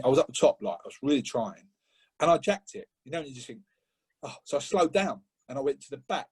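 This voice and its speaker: A middle-aged man from England, a podcast guest telling an animated story in casual chat, often laughing and acting out what others said. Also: a little fast, breathy edge. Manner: animated, laughing, acts out quotes with rising pitch.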